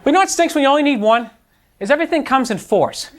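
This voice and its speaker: A man's voice: extremely high pitch, lively intonation, fast. A man doing a stand-up routine before a live audience, ranting in a frustrated, exasperated way. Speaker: stand-up comedian. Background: audience laughter.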